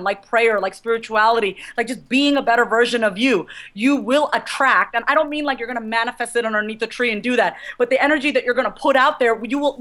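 A woman speaking quickly and frankly about business, like a coach giving blunt advice. Her voice sits a little high and her delivery is brisk and animated. It sounds like a casual conversation. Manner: fast, candid, animated, addresses the host by name.

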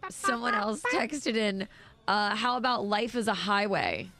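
A woman's voice: medium pitch, very animated, measured pace, background noise. A woman co-hosting a morning radio show, exasperated and self-deprecating as she reads listener texts aloud.

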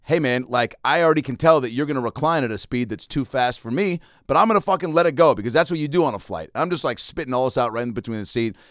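A man chatting casually as a podcast host, telling animated stories and acting out the people in them. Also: mid-range voice, quick pace, hardly any pauses, no room sound, clean studio sound. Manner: animated storyteller, acts out people. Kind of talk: casual storytelling chat.

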